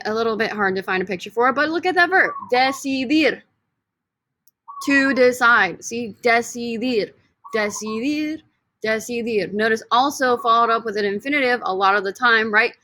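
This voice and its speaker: Bright, playful woman teaching a lesson. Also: on the high side, dry recording. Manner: playful and upbeat, jokes with students. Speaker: Spanish teacher. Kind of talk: vocabulary lesson with repeat-after-me drills.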